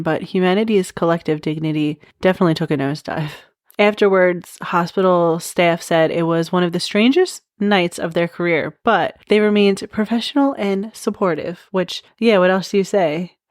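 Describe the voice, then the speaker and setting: A woman's voice: fairly low pitch, moderate pace, dry recording, clean studio sound. A woman hosting a comedic true crime podcast in casual chat, often breaking into cackling laughter. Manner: giggly, keeps breaking into loud cackling laughter. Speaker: podcast host.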